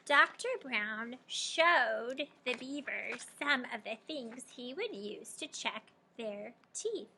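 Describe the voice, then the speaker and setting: A young adult woman teacher leading a guided reading lesson for young children, asking questions and warmly praising answers. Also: fairly high pitch, expressive, slow, creaky, hardly any pauses, slightly rough. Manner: encouraging, prompting and praising students.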